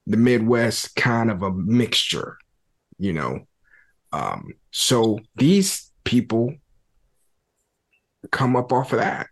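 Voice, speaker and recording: A man hosting a podcast, laying out his theories in a thoughtful, relaxed conversational way. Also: on the low side, slow, pauses often. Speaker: podcast host. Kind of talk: casual conversation about hip-hop.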